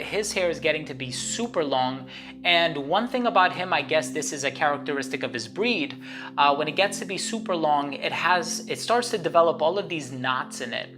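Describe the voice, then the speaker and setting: A woman hosting her own channel, telling a story to the camera in a chatty, rambling way, full of fillers and restarts. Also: deep voice. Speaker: channel host. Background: guitar music.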